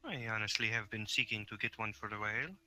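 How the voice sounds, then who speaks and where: A man playing a polite, bright-voiced adventurer. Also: fairly low pitch, slight background noise. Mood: courteous. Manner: courteous and unhurried. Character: polite, soft-spoken male adventurer.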